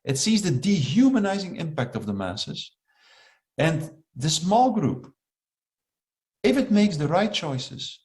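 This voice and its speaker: A man speaking in a measured, deliberate reflective monologue, stretching key phrases. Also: fairly high pitch, sing-song, darkish tone.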